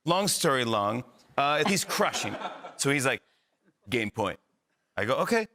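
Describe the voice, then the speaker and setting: A man's voice: medium pitch, moderate pace, noisy background. A middle-aged man telling a comic anecdote as a talk show guest, acting out the voices of the people in it. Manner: animated storyteller acting out the other voices.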